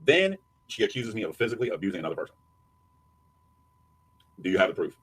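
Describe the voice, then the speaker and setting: Fast-ranting husky man. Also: low-pitched, very animated, fairly bright tone. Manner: taunting, crude, mocking. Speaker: streamer answering a critic. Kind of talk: profane ranting commentary.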